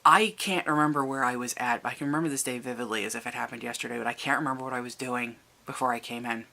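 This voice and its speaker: A vlogger telling a personal family story to the camera, halting and restarting, and lifting the voice to act out quoted people. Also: mid-range voice, fairly even intonation, vocal fry, pushed and bright. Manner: recounts events, raising the voice for quoted people.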